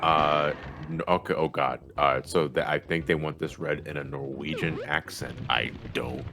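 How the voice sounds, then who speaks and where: A man's voice: a bass voice, fairly even intonation, normal speed, noisy background. A man hosting a gaming livestream, chatting casually and reading out donations with jokes and swearing. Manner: profane, joking and laughing often. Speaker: livestream host.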